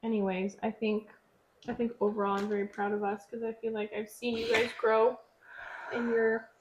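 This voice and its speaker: A woman's voice: a little high, little pitch movement, moderate pace, noisy background. Supportive woman on a dull lo-fi mic. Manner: supportive listener, frequent affirmations. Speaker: podcast co-host. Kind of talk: casual conversation. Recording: slightly dull, lo-fi sound.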